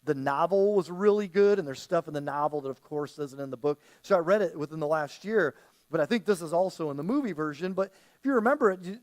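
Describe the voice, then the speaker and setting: Higher-voiced man preaching conversationally. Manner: conversational preaching that often acts out quoted voices. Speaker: pastor. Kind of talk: sermon.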